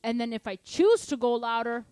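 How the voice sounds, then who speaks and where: A woman's voice: fairly high pitch, expressive, moderate pace, loud music behind the voice. A woman teaching drums in a casual online lesson, chatty and playful, singing patterns aloud. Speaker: drum teacher answering student questions. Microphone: studio microphone at drum kit.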